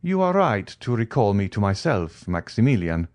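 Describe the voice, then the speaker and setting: A man voicing the Count, a wealthy, mysterious and melancholy nobleman who speaks in a polished, gracious way, a bit above his usual narrating pitch. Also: sing-song, normal speed, a little mellow, no echo, clean studio sound. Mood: somber.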